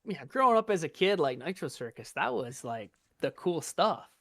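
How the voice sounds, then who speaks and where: A man's voice: a little high, very animated, moderate pace, fairly bright tone, no echo, clean studio sound. A young man guesting on a podcast, telling stories eagerly in casual chat.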